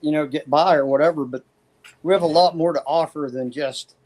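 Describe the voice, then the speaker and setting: A man being interviewed as an author, speaking casually and haltingly with many fillers. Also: fairly high pitch, steady tone, darkish tone.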